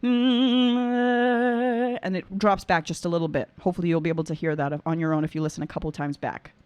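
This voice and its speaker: A woman's voice: deep voice, little pitch movement, very fast, a little mellow, dry recording. A woman who is an opera singer and vocal coach, reacting to a performance in casual, effusive commentary and singing short examples.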